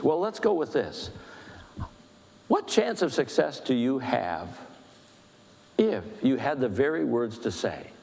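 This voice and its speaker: A man leading a church book discussion, talking fast with animated, self-deprecating humor. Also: medium pitch, big-room sound. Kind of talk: church teaching talk. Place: church hall.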